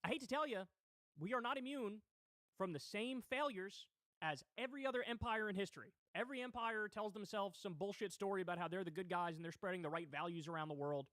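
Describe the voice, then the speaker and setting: A man's voice: high voice, fairly quick, a bit bright, no room sound, clean studio sound. A man hosting a political commentary livestream, talking in a heated, indignant way with swearing. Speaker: livestream host.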